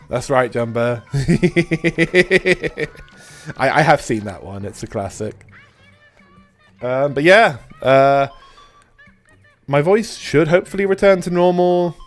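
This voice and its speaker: A man hosting a live game stream in casual, rambling chat, his voice hoarse and stuffy from a cold. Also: medium pitch. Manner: rambling, with restarts, swearing and laughs. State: stuffy nose after a cold.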